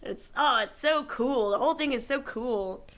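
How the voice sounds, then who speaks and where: A woman's voice: high voice, moderate pace. A young adult woman co-hosting a podcast, gushing in casual chat about a movie she loved as a child and breaking into bits of song. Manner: gushing, animated, bursts into sung snippets. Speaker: podcast co-host.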